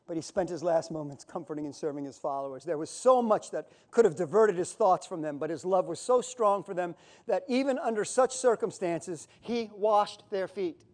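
A pastor preaching a sermon in a conversational, emotional way, with sudden loud outbursts. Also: male voice, sits high, normal speed.

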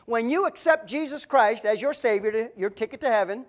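A woman preaching a sermon in an earnest, emphatic way, swinging between loud declarations and quiet asides. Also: fairly high pitch, lively intonation, a little fast, few pauses. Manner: earnest, emphatic, rises and drops in volume.

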